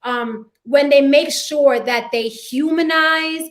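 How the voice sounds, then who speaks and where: Animated high-voiced woman reviewing a film. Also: slow. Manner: animated, acts out quoted voices. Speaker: host. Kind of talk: casual movie review chat.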